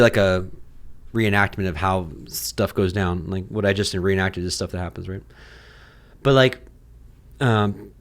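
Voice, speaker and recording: A young man teaching a weekly Bible portion in a relaxed, conversational way, full of fillers and restarts, acting out mock exchanges. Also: on the low side. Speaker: Torah teacher.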